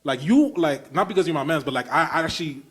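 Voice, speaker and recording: A man's voice: fairly high pitch, expressive, fast, fairly bright tone, slightly rough. A man with a Brooklyn accent hosting a podcast, eager and emphatic, with loose, slangy phrasing. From Brooklyn, New York. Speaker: podcast host. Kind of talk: casual podcast conversation.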